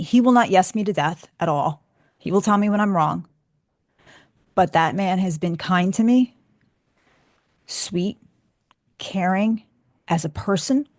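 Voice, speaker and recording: Chatty woman on a radio show, lowish voice, dry close mic, answering listener questions. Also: a little mellow, no room sound. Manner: candid, chatty, emotional. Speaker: radio show host and author.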